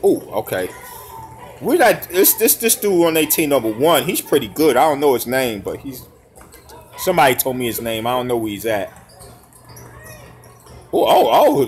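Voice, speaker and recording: A man doing casual, slangy live reaction commentary over basketball highlights, hollering and laughing at big plays. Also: very animated, normal speed.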